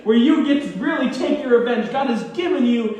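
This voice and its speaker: An eager young soldier, high and bright, pushing hard for revenge with a laugh in his voice, as a preacher puts him on from the pulpit. The sound is echoey and comes from far off in a big church. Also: animated, fairly quick, highs cut off. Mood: urging.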